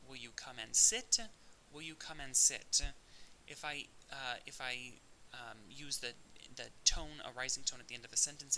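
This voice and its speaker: A man talks through a recorded audio lecture in a clear, explanatory way and now and then restarts a phrase. His voice is very bright. A faint hiss sits under the recording. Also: medium pitch, poor audio. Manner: explanatory, with occasional fillers and restarts. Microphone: audio-only recording.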